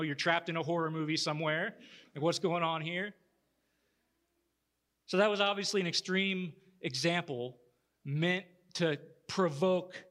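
A man's voice: fairly high pitch, fairly bright tone. A male pastor preaching, telling a story in a conversational way with many restarts. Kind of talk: sermon.

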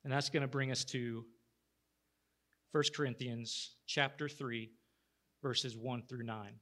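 A man's voice: mid-range voice, steady tone, slow, pushed and bright. A male pastor preaching, telling a story in a conversational way with many restarts. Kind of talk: sermon.

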